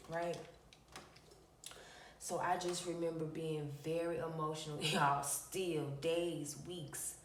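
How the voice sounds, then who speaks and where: A woman's voice: deep voice, level tone, unhurried, vocal fry, echoey room, recorded from a distance, a little hiss or hum. An adult woman, telling a personal spiritual story to viewers, emphatic, repeating phrases and calling them y'all.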